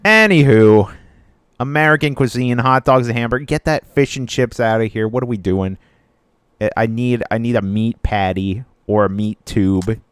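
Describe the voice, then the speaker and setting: A man's voice: mid-range voice, moderate pace, smooth, no room sound, studio quality. A young man co-hosting a podcast in casual, rambling chat, full of "like" fillers. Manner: rambling, filler-heavy, easygoing. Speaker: podcast co-host.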